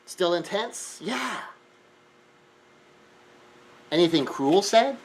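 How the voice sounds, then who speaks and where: A man giving an earnest self-help lecture, shifting between hushed remarks and emphatic raised lines. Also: on the high side, animated, moderate pace, poor audio. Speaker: speaker.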